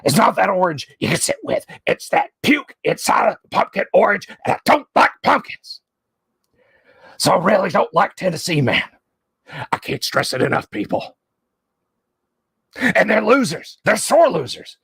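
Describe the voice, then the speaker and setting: A man doing a gravelly ranting talk host. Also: high-pitched, big pitch swings, normal speed, pauses often, fairly bright tone, no room sound, studio quality, pitched above the performer's own voice, exaggerated voice. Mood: furious. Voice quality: strained, gravelly rasp. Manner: bellowing, repetitive tirade. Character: furious ranting middle-aged male talk-show host.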